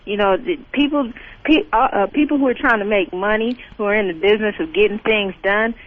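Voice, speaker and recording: A woman's voice: medium pitch, brisk. Blunt female caller on a tinny phone line. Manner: blunt, disapproving. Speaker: radio call-in caller. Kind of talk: phone call-in.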